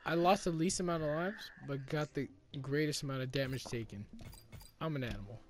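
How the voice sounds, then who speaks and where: A player chatting and joking loudly during a video game, prone to sudden yelps. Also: mid-range voice, brisk. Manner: excitable, yelps and jokes. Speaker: gamer. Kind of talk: casual gaming chat.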